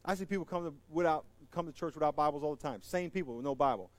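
A middle-aged male pastor preaching a sermon. He swings between loud, high exhortation and hushed closing prayer. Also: quick pace, no room sound.

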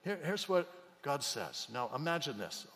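A man preaching a sermon as pastor, swinging from loud cries to near whispers. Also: a little high, big pitch swings, normal speed, big-room sound. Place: church auditorium.

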